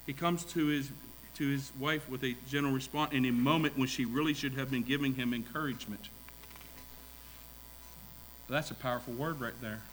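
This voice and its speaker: A man's voice: medium pitch, fairly even intonation, normal speed, long pauses, a bit bright, slight background noise, rough recording. A middle-aged married man preaching a sermon, using repetition and rising emphasis and putting questions to his congregation. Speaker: pastor.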